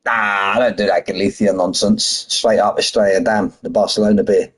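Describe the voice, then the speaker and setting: A middle-aged British man with a husky voice, chatting casually on a sim racing stream and bantering with viewers. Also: lowish voice, fairly even intonation, normal speed, poor audio. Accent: British English. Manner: chatty, banters with chat, drops h's and says "mate". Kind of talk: casual live-stream chat.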